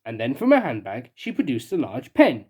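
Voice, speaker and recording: A woman's voice: extremely low pitch, wildly swooping pitch, normal speed, dark tone, slightly rough. A woman reading a children's picture book aloud with playful, chatty asides. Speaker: storybook reader.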